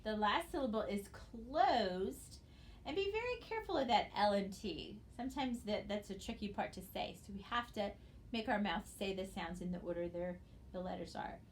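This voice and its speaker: A woman's voice: medium pitch, lively intonation, a little hiss or hum. Patient woman teaching phonics. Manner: patient, encouraging, spells letters slowly. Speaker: reading teacher. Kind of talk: recorded phonics lesson.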